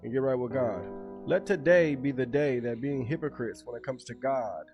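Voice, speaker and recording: A man's voice: medium pitch, moderate pace, muffled recording. A man giving solemn, exhorting faith commentary, urging listeners to get right with God. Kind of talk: preaching commentary over music. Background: soft guitar music.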